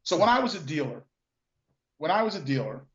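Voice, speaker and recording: An older man and former car dealer telling stories in a relaxed, reflective way, repeating words and using lots of fillers. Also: a little high, a little fast. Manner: reflective, restarts and repeats words, many "you know" fillers. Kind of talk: casual storytelling conversation. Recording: echoey, dull lo-fi sound.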